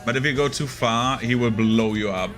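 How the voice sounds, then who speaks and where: A man's voice: medium pitch, moderate pace, a bit bright, faint music behind. A young man casually commenting on his gameplay, rambling and chatty with lots of fillers. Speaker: gaming streamer.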